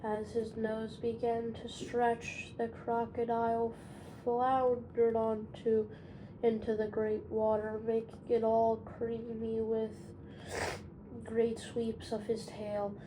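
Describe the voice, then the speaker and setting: A woman reads a children's tale aloud at an unhurried, deliberate pace, with her voice sitting a little high. She keeps to a level, even tone and turns to the listener now and then as "best beloved". The reading is steady and patient. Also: noisy background. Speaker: storyteller. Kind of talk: children's story narration.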